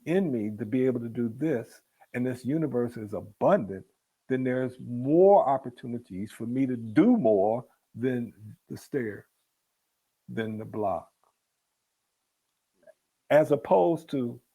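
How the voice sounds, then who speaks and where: Gravelly man leading a spiritual talk. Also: mid-range voice, warm tone. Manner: earnest, repetitive, builds to emphatic peaks. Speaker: book club leader.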